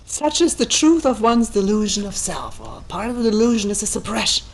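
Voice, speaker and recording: A woman meditation teacher giving a calm, thoughtful talk, reading a text aloud and commenting on it. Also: fairly quick, slight background noise, poor audio. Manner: calm and thoughtful, acting out quoted voices with raised pitch. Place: retreat meeting room.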